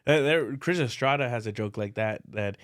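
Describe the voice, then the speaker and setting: Male comic guest, relaxed and easygoing, middle pitch, peppers talk with "dude.". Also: normal speed, no echo, studio quality. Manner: laid-back, says "dude" and "man" a lot. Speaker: comedian guest. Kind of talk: casual podcast chat.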